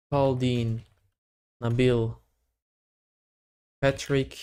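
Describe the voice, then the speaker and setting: A man's voice: mid-range voice, a little mellow, smooth. A young man on a casual live stream, chatting to his viewers and reading out their names one by one. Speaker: livestreamer running a giveaway.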